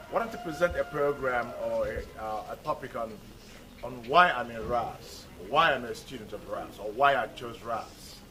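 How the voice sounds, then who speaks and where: A male teacher in a school classroom, drilling pronunciation and talking to his students with rhetorical questions. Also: medium pitch. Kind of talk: classroom lesson and talk to students. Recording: noisy classroom recording.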